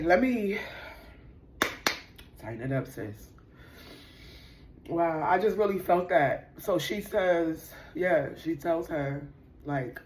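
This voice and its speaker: Slight background noise sits under a woman's low voice as she reads tarot for her viewers. Casual, profane, and slangy, she gets emotional and animated, laughs a lot, and keeps saying sis and y'all.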